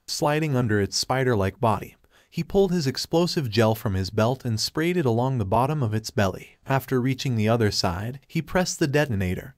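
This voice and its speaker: Guy reading a fanfic story out loud, mid pitch, steady, super dry close sound. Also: no room sound. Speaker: narrator. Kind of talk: scripted fanfiction narration.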